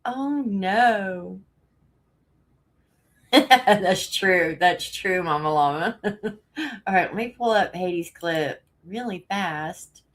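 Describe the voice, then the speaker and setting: A woman's voice: mid-range voice, lively intonation, drawn-out words, long pauses, fairly bright tone. Chatty breathless woman live-streaming. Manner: chatty, rambling, laughs often, greets viewers. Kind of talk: casual live stream chat.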